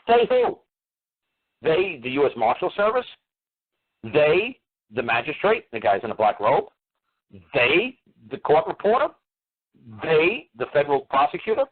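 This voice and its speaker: A man talking insistently on a radio talk show, firing off repeated rhetorical questions that grow heated. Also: fairly high pitch. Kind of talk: emphatic call-in radio talk. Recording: tinny phone-line radio audio.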